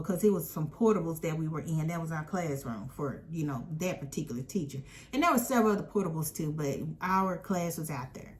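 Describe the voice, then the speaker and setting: A woman casually telling a personal story in an animated, emphatic way. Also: sits low, brisk, hardly any pauses. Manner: animated, emphatic retelling with quoted voices.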